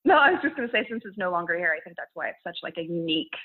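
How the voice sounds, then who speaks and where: Young woman guest, lowish voice, chatty and giggly, phone-quality line. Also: animated, racing. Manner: chatty, laughs often, loose restarts. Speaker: guest, content creator. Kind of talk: casual interview chat. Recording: phone-like narrow sound.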